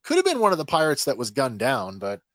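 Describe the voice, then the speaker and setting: A man's voice: medium pitch, wildly swooping pitch, fast talker, a bit bright, dry recording, clean studio sound. A man co-hosting a fan podcast in casual chat, chatty and often trailing off mid-thought. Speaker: podcast co-host.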